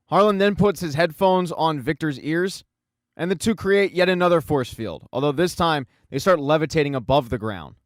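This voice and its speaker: Higher-voiced man recapping a plot. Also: no room sound. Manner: brisk storytelling, casual asides. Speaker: recap video host. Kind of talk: scripted plot recap narration.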